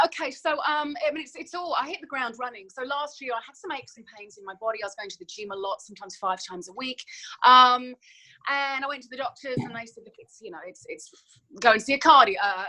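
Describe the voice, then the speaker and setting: A woman's voice: fairly high pitch, pushed and bright, poor audio. A woman in her thirties telling her story as a podcast guest, earnest and emphatic, often repeating words as she goes. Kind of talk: emotional personal story in a podcast interview.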